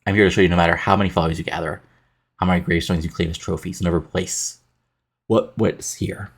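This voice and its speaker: Guy reading grim wrestler lines, deep gravelly voice, flat read. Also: fast talker. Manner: reads the lines flatly, like reading out a script. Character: brooding male wrestler, grim and defiant.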